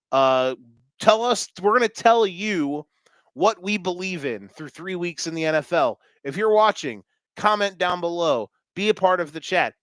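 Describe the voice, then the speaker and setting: A man's voice: a little high, a bit bright, clear, resonant tone, no room sound, clean studio sound. A man co-hosting a sports podcast, talking energetically and joking in casual chat. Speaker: podcast co-host.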